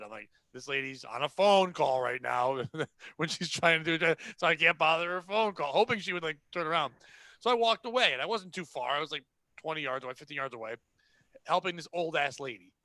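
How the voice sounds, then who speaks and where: Recorded dry, a podcast host with a voice on the high side shares a story from his retail job. His telling is blunt and sarcastic, and he lively performs each character as he chats.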